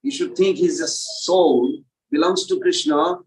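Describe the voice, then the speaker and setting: Guy with a high voice teaching a temple class, lively, kinda far from the mic in an echoey room. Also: measured pace, creaky. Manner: animated, asks the audience questions. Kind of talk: devotional class lecture. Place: temple hall, indoors.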